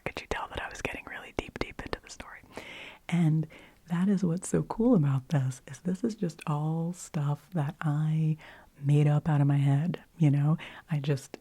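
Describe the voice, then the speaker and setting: A woman whispering softly into a close microphone in a rambling ASMR chat, unhurried and full of little fillers. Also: sits low, breathy edge. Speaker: ASMR host.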